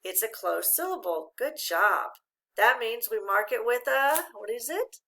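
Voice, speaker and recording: A woman teaching a phonics lesson to children, spelling letters out slowly and praising often. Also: a little high, expressive, pushed and bright. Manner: slow, drawn-out spelling of letters with encouraging praise.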